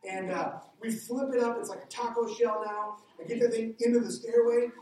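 A middle-aged man, a pastor, preaching a sermon with a lively personal story, his voice climbing when he gets excited. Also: moderate pace, distant mic. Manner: animated storytelling, jumps higher when excited. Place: church hall. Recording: echoey hall, heard from afar.

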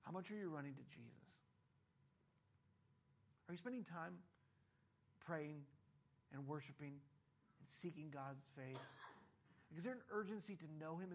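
A man preaching a sermon with a fairly high voice. He is animated, asks his listeners one rhetorical question after another and briefly acts out the voices of figures in the story. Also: normal speed, long pauses. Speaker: pastor.

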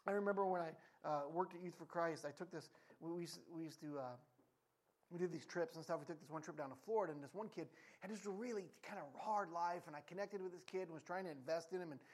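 A man preaching a sermon, mixing personal stories with scripture. His voice leaps up and cracks when a story gets excited, then drops low and quiet for serious points. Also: fast talker. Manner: animated, voice jumps up and cracks when telling stories.

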